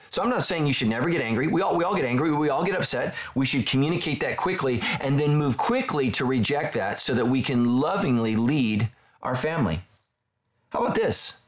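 This sermon comes from a middle-aged man, a pastor whose voice sits in the mid range. He keeps it lively and conversational, asking one rhetorical question after another.

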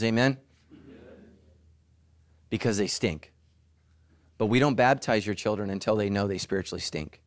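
A middle-aged pastor preaches an animated sermon, jumping into high, mocking voices for his asides. There's no echo on the recording.

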